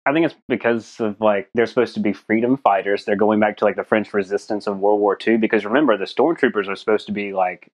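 A man's voice: fairly low pitch, quick pace, hardly any pauses. Man co-hosting, jumping in with points. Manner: explains with confidence, jumps in with points. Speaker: podcast co-host. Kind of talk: casual podcast chat.

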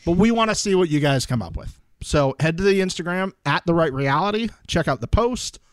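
A man co-hosting a reality TV recap podcast, chatting playfully with animated storytelling. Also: fairly high pitch, a little fast, clean tone, dry recording. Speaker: podcast co-host. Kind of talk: casual chat.

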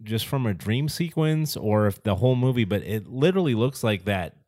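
A man co-hosting a podcast in casual chat, animated and quick to laugh. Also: lowish voice, dry recording, studio quality. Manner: animated, laughs often, jokey. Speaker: podcast co-host.

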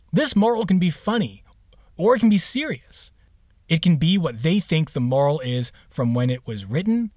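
A man's voice: medium pitch, no room sound, clean studio sound. A man hosting a podcast, introducing the episode in a casual, playful way with sarcastic asides. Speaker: podcast host.

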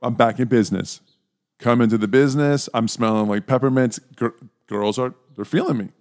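A young man co-hosting a podcast, telling a story in a casual chat and jumping into high silly voices to act out moments. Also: a little fast. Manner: animated, jumps into high silly voices when acting out moments. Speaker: podcast co-host.

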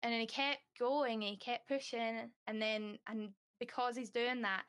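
A woman's voice: on the high side, steady tone, moderate pace, fairly bright tone, smooth. A young woman guest on a podcast, speaking candidly and at length in a rambling, casual way, full of "like" fillers. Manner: acts out quoted dialogue.

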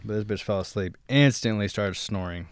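A man's voice: fairly low pitch, a little fast, clear, resonant tone, no echo. A man telling a profane, laugh-filled story in a casual chat.

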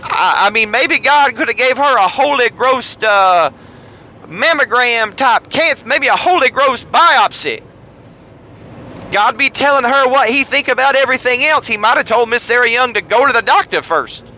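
Man doing a folksy old Southern driver, blunt and scolding, high bright voice, Southern US accent. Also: expressive, moderate pace, full character voice. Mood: mocking. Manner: drawling, scolding, folksy dialect. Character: older Southern male chauffeur, folksy and blunt.

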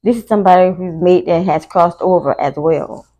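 A woman's voice: fairly low pitch, mellow, poor audio. A woman giving a casual, emotional live tarot reading to her viewers. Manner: slow, gravelly, chatty, emotional. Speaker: tarot reader.

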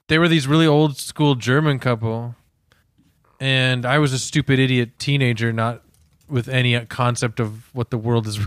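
A man's voice: mid-range voice, smooth, no room sound, clean studio sound. A man co-hosting a casual comedic podcast, telling a rambling story full of fillers and restarts. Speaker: podcast co-host.

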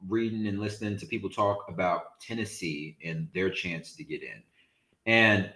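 A man co-hosting a casual sports podcast, talking in an animated, emphatic way and sometimes searching for words. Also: fairly low pitch, roomy sound, rough recording. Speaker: podcast co-host.

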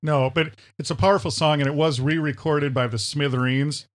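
A man's voice: fairly high pitch, fairly even intonation, fairly quick, few pauses. A man from Minnesota co-hosting a casual chat show, enthusiastic and fond of repeating the word "powerful". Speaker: podcast co-host.

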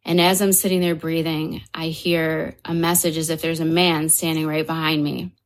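A woman, a podcast guest, telling a personal story in casual conversation, animated and full of fillers, acting out other people's lines. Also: deep voice, normal speed.

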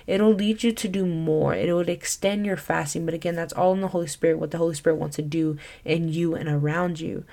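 A woman's voice: lowish voice, fairly even intonation, fairly quick, creaky, hardly any pauses, darkish tone. A young woman giving a casual Christian teaching talk as a podcast host, earnest and chatty, full of "like" and "you know.".

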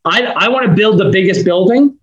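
High-voiced fast-talking Northeastern man. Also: highs cut off. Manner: fast, energetic, run-on sentences. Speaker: podcast guest, business owner. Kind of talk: fast casual interview talk.

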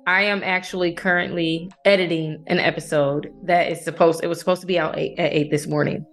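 Animated woman hosting a faith podcast. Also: lowish voice, a little fast, soft background music. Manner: animated, laughs often, lively storytelling. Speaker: podcast host. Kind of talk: faith-based conversation.

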